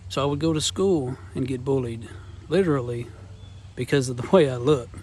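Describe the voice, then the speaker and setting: A man's voice: medium pitch, normal speed, a little mellow, slight background noise. A man in his thirties telling a heartfelt personal testimony in an earnest, rambling way. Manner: earnest, rambling, Southern-style phrasing. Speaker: vlogger sharing personal testimony.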